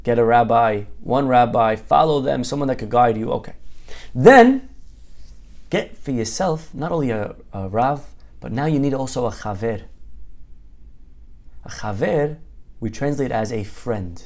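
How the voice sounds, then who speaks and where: Male rabbi, gravelly voice, animated storytelling Torah lesson. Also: mid-range voice. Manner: animated, switches voices for story figures, asks rhetorical questions. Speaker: rabbi teaching a Torah class.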